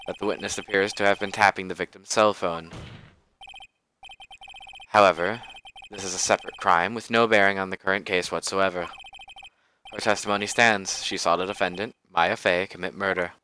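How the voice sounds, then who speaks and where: A man's voice: sits low, steady tone, normal speed, pauses often, pushed and bright, slight background noise, poor audio. Man doing a cold, haughty prosecutor. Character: cold, arrogant male prosecutor.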